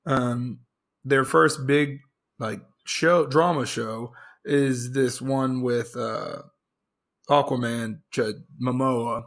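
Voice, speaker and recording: A man with a gravelly, fraying voice co-hosts a casual podcast chat. He rambles loosely, restarting his sentences, and sounds worn out as his voice gives way. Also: medium pitch, fairly even intonation, slow pace, fairly bright tone. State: voice fading, hoarse. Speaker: podcast co-host.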